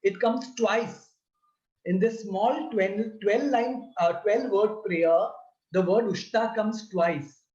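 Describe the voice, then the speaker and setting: A man giving a slow, deliberate lesson that explains a prayer and breaks its words into syllables. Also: high voice, darkish tone. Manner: deliberate, repeats and spells out syllables. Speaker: religious teacher. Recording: roomy, slightly dull sound.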